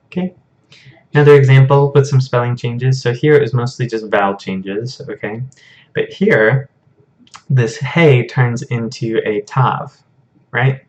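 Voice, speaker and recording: A man's voice: medium pitch, a little slow, darkish tone, dull audio. A man teaching a Hebrew grammar lesson over a shared screen, explaining patiently in a casual way with frequent fillers.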